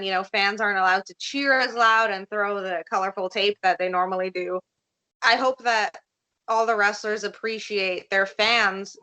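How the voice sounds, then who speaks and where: Bright young woman with Russian accent. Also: medium pitch, poor audio. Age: 20s. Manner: upbeat, laughs easily, emphatic promises. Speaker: professional wrestler, guest. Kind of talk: casual interview answers.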